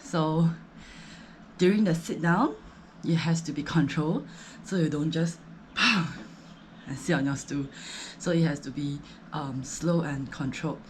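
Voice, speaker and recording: Slightly out of breath between sets, a woman vlogger with a Singaporean English accent talks about her home workout in a chatty, rambling way packed with fillers. Her voice sits low and moves a little slowly, with slight background noise.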